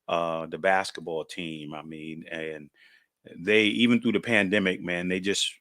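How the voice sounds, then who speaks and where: Podcast host, male, lower-pitched, bright and punchy tone, relaxed chatty storyteller. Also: unhurried, no room sound, clean studio sound. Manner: chatty, laughing, folksy storyteller. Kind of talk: casual podcast monologue.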